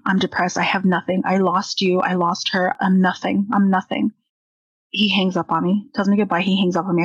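A woman's voice: medium pitch, slightly rough, no echo, lo-fi sound. A young woman candidly telling a personal story, acting out the dialogue she quotes.

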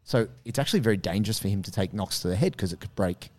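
A man hosting a podcast, telling a story in a casual, animated way, swearing freely and acting out the quotes. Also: fairly low pitch, fast. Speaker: podcast host.

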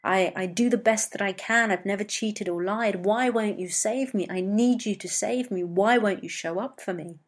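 A woman's voice: mid-range voice, moderate pace, few pauses, lightly acted. A woman voicing a stubborn, desperate drowning man in a story, with insistent refusals. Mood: pleading. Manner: pleading then defiant refusals.

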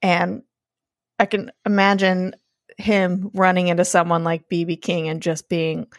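A woman's voice: fairly low pitch, level tone, measured pace, no room sound, clean studio sound. Laughing, foul-mouthed woman podcast host. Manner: laughs often, swears freely. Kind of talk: casual podcast chat.

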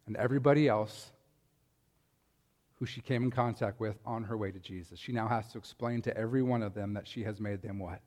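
A man's voice: fairly low pitch, brisk, a little mellow, long reverb tail. A man preaching a sermon, talking in a conversational way and asking his listeners rhetorical questions. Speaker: pastor.

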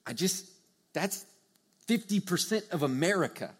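A young man preaching a sermon to a live audience, earnest and conversational, swinging from hushed to loud emphasis. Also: high-pitched, lively intonation, measured pace, breathy edge. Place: church or meeting hall with a live audience.

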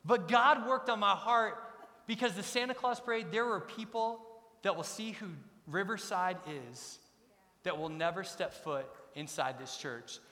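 A middle-aged pastor with a high, bright voice speaks a little slowly and forcefully as he preaches a sermon in a church sanctuary. He's emphatic and repeats his key lines, and the large church hall adds long reverb.

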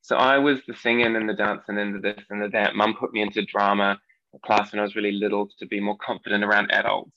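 A man's voice: fairly low pitch, level tone, quick pace, bright, forceful tone, no room sound. A man in his thirties with a New Zealand accent, chatting as a podcast guest in a giggly way with many ums. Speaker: podcast guest, nail artist. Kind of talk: casual interview chat. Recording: dull, lo-fi dry remote audio.

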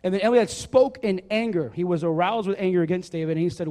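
A man's voice: high-pitched, quick pace, dark tone, long reverb tail. A man preaching casually, reading scripture and joking with the crowd between verses, with lots of fillers. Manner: jokey, chatty, fillers, asks the crowd to repeat words. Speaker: youth preacher. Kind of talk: casual sermon with Bible reading.

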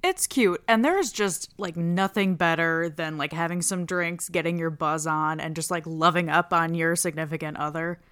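Bright-voiced woman doing a crude comedy recap. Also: fairly low pitch, normal speed, hardly any pauses, smooth. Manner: casual, crude, joking. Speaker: show recap host.

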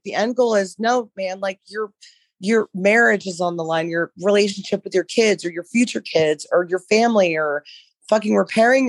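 A woman co-hosting a podcast in casual chat, hoarse from losing her voice, rambling and swearing freely. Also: medium pitch, no room sound. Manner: rambling, profane, animated. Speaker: podcast co-host, dog trainer business coach.

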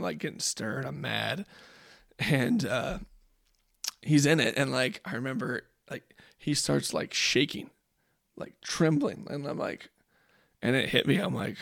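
A man's voice: medium pitch, gravelly, no room sound, studio quality. A father in his thirties on a podcast, telling a rambling, reflective story about his kids with lots of filler words. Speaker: podcast co-host. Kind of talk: casual storytelling chat.

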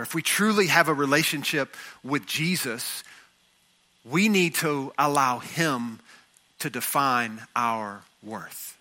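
A man's voice: medium pitch, sharp tone. A man preaching a sermon, acting out the voices of figures from scripture as he goes. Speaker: pastor.

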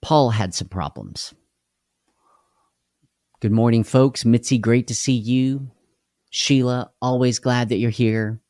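A tired, worn-out man leads a live devotional in a relaxed, folksy way. He chats with his viewers and greets them by name. His voice is close and dry, with no room sound behind it. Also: mid-range voice, slow pace, pauses often, no echo. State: tired and unwell. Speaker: devotional livestream host. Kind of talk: casual livestream devotional.

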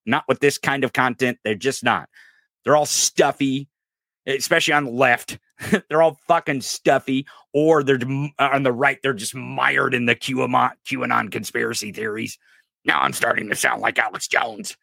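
A man's voice: medium pitch, moderate pace, gravelly, no room sound, studio quality. A man hosting a political podcast, ranting casually with lots of profanity, rambling and stumbling over his words. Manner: profane, rambling, animated, laughs and stumbles often. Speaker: podcast host.

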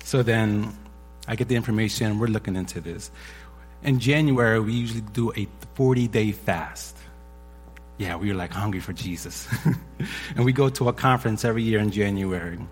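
A man in his forties, a pastor, telling a personal story from the pulpit in a husky voice, animated when he acts out what others said. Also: lowish voice, normal speed, faint music behind. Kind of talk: sermon testimony. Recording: echoey hall with long reverb.

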